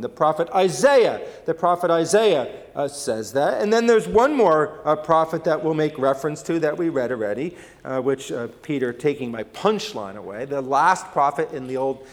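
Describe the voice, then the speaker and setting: A man's voice: fairly high pitch, expressive, normal speed, few pauses, long reverb tail. A man preaching a sermon in a folksy, conversational storytelling way, with many fillers and restarts. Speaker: pastor.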